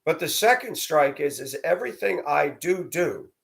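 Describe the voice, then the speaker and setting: A man's voice: a little high, sing-song, normal speed, gravelly, a bit bright. Blunt rambling man telling stories. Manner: rambling, blunt, with coarse language. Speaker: vlogger. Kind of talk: personal storytelling monologue.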